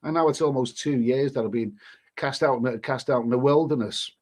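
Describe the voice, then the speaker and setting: A man's voice: medium pitch, brisk, darkish tone. A middle-aged man with a British accent chatting casually on a livestream, rambling with restarts and mild swearing. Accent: British English. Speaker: travel vlogger hosting a livestream. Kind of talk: casual livestream chat reading viewer messages.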